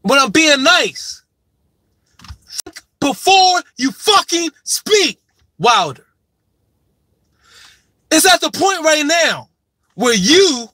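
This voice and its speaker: Lecturing his subject in a profane sports opinion monologue, this male commentator has a very high voice and a bright, forceful tone. He keeps repeating his main point with heavy stress to hammer it home, and the recording has no echo.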